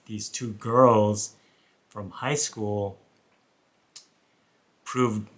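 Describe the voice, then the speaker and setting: A man with a lowish voice and a bright, forceful edge, chatting casually as a co-host. He rambles and restarts his sentences as he explains math facts. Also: steady tone, extremely slow. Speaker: former high school math teacher, co-host. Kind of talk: casual chat.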